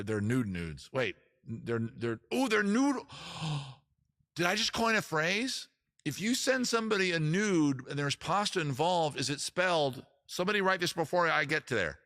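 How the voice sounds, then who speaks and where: A man hosting a casual live stream, with a bright, forceful tone as he reads out viewer names from the chat. He jokes around in a playful, cheerfully crude way. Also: on the low side.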